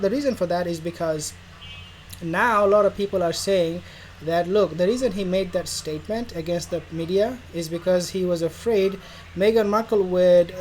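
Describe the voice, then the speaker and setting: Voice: mid-range voice, a little mellow, rough recording. A royal news vlogger who rambles casually and sarcastically, acting out imagined dialogues. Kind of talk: casual commentary vlog. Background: faint background noise.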